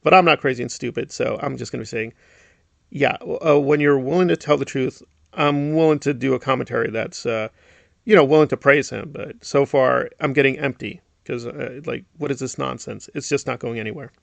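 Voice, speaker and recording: A man's voice: mid-range voice, a little fast, creaky, dry recording. A middle-aged man giving a sarcastic, indignant commentary, often mocking others with put-on voices. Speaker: commentary YouTuber. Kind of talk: ranting commentary.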